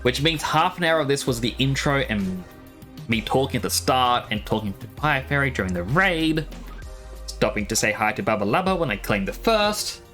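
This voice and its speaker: A man's voice: medium pitch, animated, normal speed, a bit bright, faint music behind. A man streaming live, chatting casually and rambling with laughs, his throat dry from talking for a long time.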